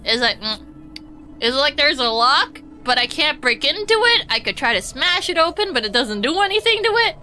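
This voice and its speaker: A woman streaming as she reads a game aloud, casual and self-mocking, her voice hoarse and strained. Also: sits high, big pitch swings, moderate pace, bright, forceful tone, faint music behind. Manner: self-mocking, swears, restarts often. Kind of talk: casual live-stream chat and reading.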